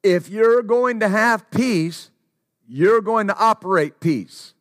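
A man's voice: sits high, lively intonation, takes it slowly, a bit bright, no echo, studio quality. A man preaching a sermon, repeating key phrases for emphasis and quoting scripture.

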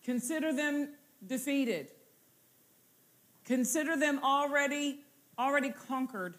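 A woman's voice: sits high, slow. A woman preaching a sermon, repeating her phrases and building toward exultant declarations. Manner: repetitive, building to exultant shouts.

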